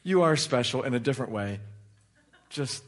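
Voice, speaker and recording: A man's voice: medium pitch, normal speed. A man teaching a Bible study in an informal, conversational way, sometimes venting frustration openly. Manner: animated, conversational, vents openly.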